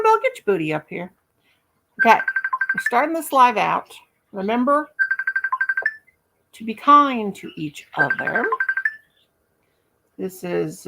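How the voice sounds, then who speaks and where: A woman's voice: on the high side, creaky, low-quality recording. A middle-aged woman with a Southern US accent hosts a casual crochet livestream, playful and chatty, humming nonsense syllables. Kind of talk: casual live chat.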